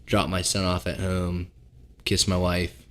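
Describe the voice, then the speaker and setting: A man in his thirties from Seattle, a guest on a casual podcast, relaxed and self-mocking and quick to laugh. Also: low-pitched, slight background noise. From Seattle, United States.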